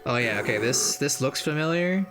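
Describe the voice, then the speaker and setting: A young man chatting casually as he plays a video game, thinking aloud in a relaxed, slangy way. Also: mid-range voice, normal speed, creaky, over music. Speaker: gamer playing through a game.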